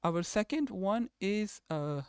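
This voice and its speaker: Man lecturing with a crisp, dry voice. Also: high voice, expressive, takes it slowly, no room sound. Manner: explanatory, restates terms and rephrases often. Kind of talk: recorded university lecture.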